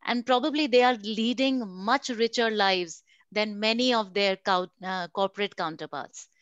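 A woman's voice: mid-range voice, normal speed, a bit bright, clean tone, no room sound. A woman moderating a webinar panel over a video call, agreeing with the speakers and adding her own points. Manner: agreeable, chimes in to add a point. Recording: dull lo-fi, dry sound.

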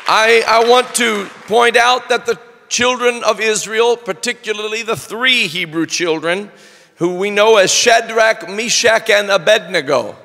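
A male pastor delivers a slow, deliberate sermon that swells into shouted fervor. His voice sits high with a bright, gravelly edge. The reverb of a large church hall rings around every phrase. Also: a faint crowd. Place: church sanctuary.

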